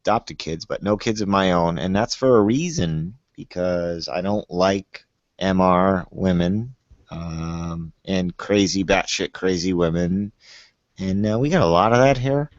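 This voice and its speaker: A man in his forties with a Boston accent, talking in a loud, joking, crude way on a panel call. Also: sits low, unhurried, no echo. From New England. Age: 40s. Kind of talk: casual call chat. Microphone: video call. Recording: dull, dry call audio.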